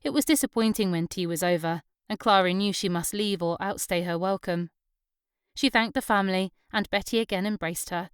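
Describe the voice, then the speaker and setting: A woman's voice: mid-range voice, fairly quick, clean tone, no room sound, clean studio sound. A woman narrating an audiobook. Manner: gentle storytelling, giving characters light voices. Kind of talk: scripted narration.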